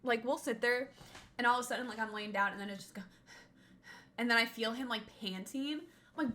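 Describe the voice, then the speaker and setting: A woman's voice: fairly high pitch, a little fast, long pauses, pushed and bright. A young woman streamer chatting casually with her viewers, rambling and swearing now and then.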